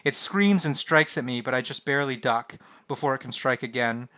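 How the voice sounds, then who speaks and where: A man streaming a text adventure game, reading its lines aloud and reacting in an animated, swearing way. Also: medium pitch, brisk.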